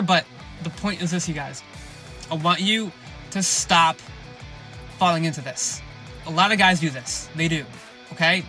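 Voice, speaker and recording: Brash, profane high-voiced fitness coach. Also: male voice, bright, forceful tone. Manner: blunt, sarcastic, profane, keeps saying "you guys". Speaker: fitness coach and podcast host. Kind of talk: podcast monologue.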